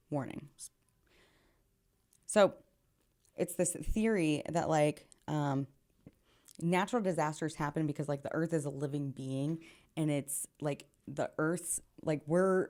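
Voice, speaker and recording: A woman with a somewhat low voice reacts to music in a loose, earnest chat. She fills her talk with "like" and now and then drops into a whisper. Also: darkish tone. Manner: earnest and chatty, full of fillers, drops into whispers. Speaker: reaction video host. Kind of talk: casual reaction commentary.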